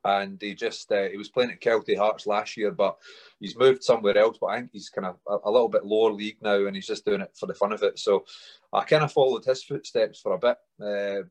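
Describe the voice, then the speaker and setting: A man's voice: fairly low pitch, fairly even intonation, a little fast. A man in his thirties with a Scottish accent from the Stirling area, a guest in a casual interview, upbeat and easygoing. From Scotland. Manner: upbeat, easygoing, says aye. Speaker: guest, rugby player.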